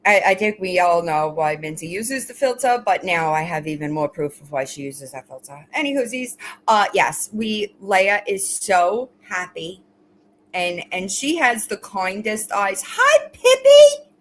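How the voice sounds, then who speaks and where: A woman's voice: on the low side, expressive, a little slow, a bit bright, a little hiss or hum, low-quality recording. A woman hosting a casual livestream, talking straight to her viewers. She mocks her commenters bluntly and swears freely, then coos at her pets. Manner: blunt, mocking, profane toward commenters; gushing baby talk to pets. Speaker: livestream host.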